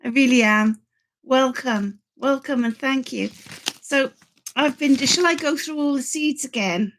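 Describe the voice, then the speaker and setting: Chatty older woman, slow and rambling. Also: high voice, background noise. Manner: chatty, rambling, excitable, with many restarts. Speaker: channel host. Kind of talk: live stream chat with viewers.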